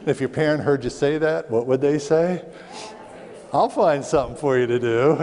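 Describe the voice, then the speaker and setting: A middle-aged man from Southwest Philadelphia, a speaker on parenting, telling lively stories to an audience and acting out voices in quotes. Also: mid-range voice, moderate pace. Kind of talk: storytelling talk to an audience. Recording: long hall reverb.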